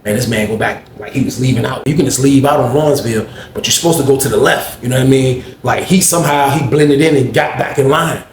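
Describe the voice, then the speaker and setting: A man's voice: medium pitch, quick pace, hardly any pauses, slight background noise. A man casually telling a story to viewers in a slangy, rambling way, often addressing them as y'all. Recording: roomy echo, faint ambience.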